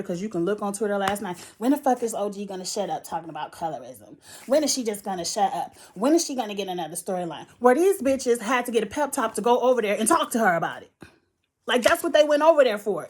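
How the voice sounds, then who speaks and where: Blunt, profane woman ranting. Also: a little high. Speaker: reality TV reviewer. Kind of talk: ranting commentary vlog.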